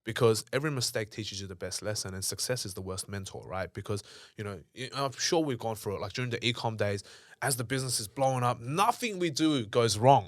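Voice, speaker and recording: A man's voice: medium pitch, a little fast, no room sound, clean studio sound. A young man telling stories in a casual interview, swearing often and acting out old arguments in a raised voice. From Australia. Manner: swears freely, acts out past arguments in a raised voice. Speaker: podcast guest, entrepreneur.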